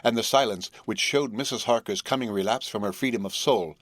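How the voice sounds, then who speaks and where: A man narrating a classic novel in a measured, solemn audiobook reading. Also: on the low side, a bit bright, no echo.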